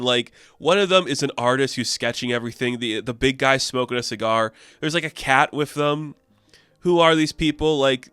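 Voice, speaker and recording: A man's voice: medium pitch, fairly bright tone, smooth, no echo. A young man casually recapping a comic book issue, rambling with fillers and laughs.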